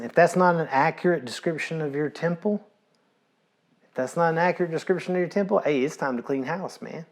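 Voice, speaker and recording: A man, a pastor preaching a sermon in a relaxed, storytelling way, repeating phrases and dropping in casual asides. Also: medium pitch.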